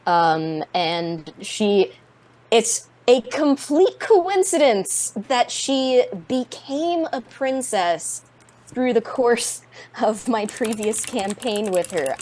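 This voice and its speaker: Slow-talking excitable woman player. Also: mid-range voice, a little hiss or hum. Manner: excitable, rambling with fillers. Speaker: tabletop game player. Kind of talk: casual chat about her character.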